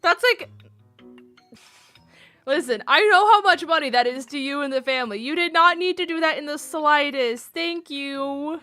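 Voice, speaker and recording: Brief: young woman streamer, bright and gushing, close dry mic at home. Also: sits high, expressive, normal speed, long pauses, no echo, soft background music. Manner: gushing, effusive thanks to chat. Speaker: live streamer. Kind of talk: casual chat.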